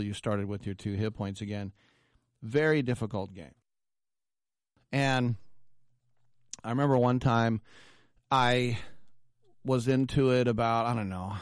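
Guy hosting a radio show, animated and self-deprecating, kinda low voice, dry close sound. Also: no echo. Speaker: radio talk show host. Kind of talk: casual radio storytelling.

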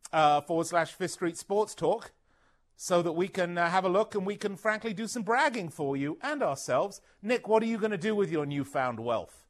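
A man's voice: high-pitched, animated, normal speed. A man co-hosting a sports talk radio show, exuberant and joking, rambling with fillers in casual chat on a studio mic.

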